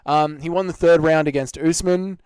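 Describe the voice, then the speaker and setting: Casting note: man, slightly high voice, smooth and clean, dry close sound, livestream host bantering with chat. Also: steady tone, moderate pace, darkish tone, dry recording. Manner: reads chat comments aloud and argues back. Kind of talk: casual live Q&A chat.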